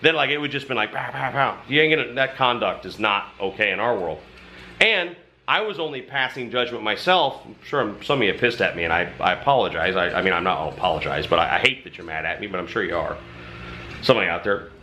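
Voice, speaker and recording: A man's voice: lowish voice, animated, fast, bright, forceful tone, a little hiss or hum. A man who hosts a channel and belongs to a motorcycle club, telling a story to camera in casual, emphatic talk with some mild swearing.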